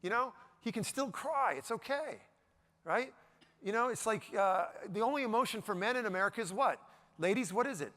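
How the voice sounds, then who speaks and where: A middle-aged man giving a lively talk to a live audience, joking and asking the crowd questions. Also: high-pitched, brisk. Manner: animated, jokey, asks the audience questions. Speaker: motivational speaker. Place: event stage before a live audience.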